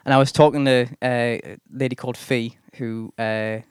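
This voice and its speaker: A man's voice: medium pitch, steady tone, moderate pace, smooth, no echo, studio quality. A man, a podcast host and gigging musician, chatting casually and telling rambling stories with lots of fillers. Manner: chatty storyteller, full of fillers and mock voices. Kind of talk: casual chat.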